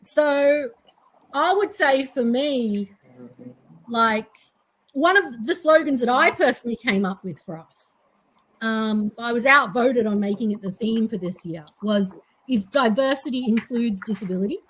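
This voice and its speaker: An Australian woman guest on a casual podcast, talking with animated energy and sarcastic asides. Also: fairly high pitch, measured pace, breathy edge, rough recording. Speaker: guest advocate.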